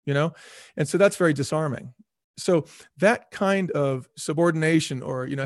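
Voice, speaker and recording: A man's voice: on the high side, quick pace, no echo, studio quality. A middle-aged man, a former business executive, telling stories as a podcast guest and acting out the voices he quotes. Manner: energetic, acts out quoted voices. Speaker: guest, former restaurant chain CEO. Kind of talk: animated storytelling in a podcast interview.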